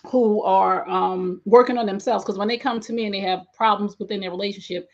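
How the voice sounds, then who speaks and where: A woman's voice: medium pitch, fairly even intonation, brisk. A woman hosting a relationship talk as a coach, emphatic and preacherly. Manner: emphatic, preacherly, exclaims often. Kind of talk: animated interview chat. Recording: dull lo-fi audio.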